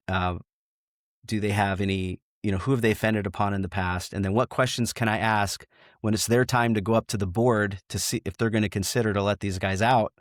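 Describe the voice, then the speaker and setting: Frank low-voiced retired trooper. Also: male voice, dry recording, studio quality. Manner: frank, many restarts, quotes dialogue. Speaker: retired state trooper, guest. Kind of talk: storytelling in a podcast interview.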